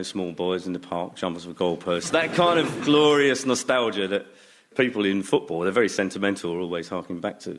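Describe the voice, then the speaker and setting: A middle-aged man with a lowish voice talks casually in a radio interview. He tells anecdotes in a self-mocking way and often breaks into laughter. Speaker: guest comedian.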